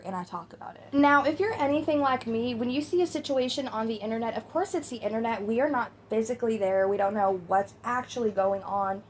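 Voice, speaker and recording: A woman's voice: a little high, slight background noise. A woman hosting a casual commentary video, chatty and opinionated, talking straight to her viewers. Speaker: commentary host.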